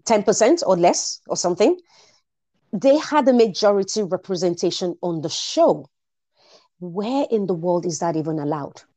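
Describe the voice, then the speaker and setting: A woman hosting a casual talk show, animated and quick to laugh, often repeating words as she gets going. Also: fairly low pitch. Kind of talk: casual chat.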